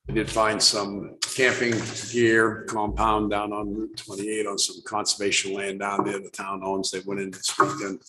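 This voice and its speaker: A man's voice: lowish voice, completely flat delivery, normal speed, hardly any pauses, sharp tone. A man serving as a selectman at a town board meeting, speaking in a plain, conversational way. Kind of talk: public meeting discussion. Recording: echoey meeting room with noise.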